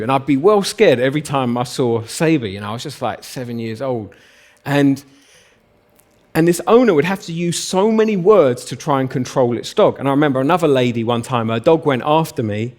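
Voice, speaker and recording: Man preaching a casual sermon. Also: on the high side. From South West London. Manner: informal storytelling with lively acted-out quotes. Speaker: pastor. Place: church.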